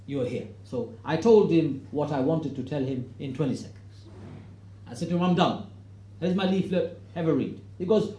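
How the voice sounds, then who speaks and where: A middle-aged man giving a storytelling talk to an audience, acting out the quoted voices and rising to loud, emphatic points. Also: a little high, lively intonation, fairly quick, echoey room. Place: hall with an audience.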